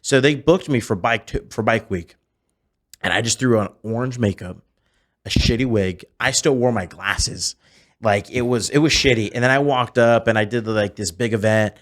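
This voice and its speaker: A man in his twenties, a podcast guest telling animated stories in casual chat, often restarting his sentences. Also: lowish voice, normal speed. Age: 20s. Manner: animated storyteller, frequent restarts. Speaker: podcast guest, celebrity impersonator.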